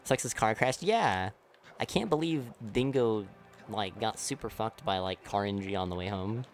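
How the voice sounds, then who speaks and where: A young man with a lowish voice chats casually to his stream while he plays, rambling and leaning on "like" in nearly every phrase. He swears freely and laughs at his own stories. Faint game music sits quietly behind him. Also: lively intonation, moderate pace. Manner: rambling, leans heavily on "like", laughs often, swears. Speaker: speedrunner streamer.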